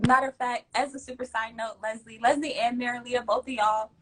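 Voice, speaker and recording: A young woman hosting a casual livestream, giving emphatic, slangy shout-outs and thanks to her viewers. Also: fairly high pitch, fairly even intonation, fairly quick, rough recording. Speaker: livestream host.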